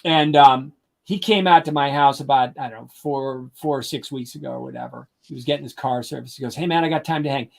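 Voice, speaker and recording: An older man, a drum educator, telling casual stories in an animated way and acting out what his friends said. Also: medium pitch, a little fast, creaky. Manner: animated anecdotes, quotes friends in lively voices. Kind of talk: casual storytelling.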